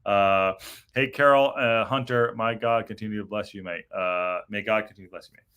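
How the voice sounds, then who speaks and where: A man's voice: lowish voice, steady tone, a little fast, sharp tone, clean tone. Frustrated rambling man reacting to a loss. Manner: frustrated, rambling, swears, reads viewer comments. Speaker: podcast host reading chat. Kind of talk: post-match reaction livestream.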